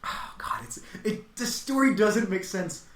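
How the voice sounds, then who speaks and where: A man telling a long story on a casual podcast, animated and growing louder as he quotes himself. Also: high voice, a little slow, in a whisper. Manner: animated, voice rises to near-shouts when quoting himself. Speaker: comedian guest telling a story. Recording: echoey room with faint noise.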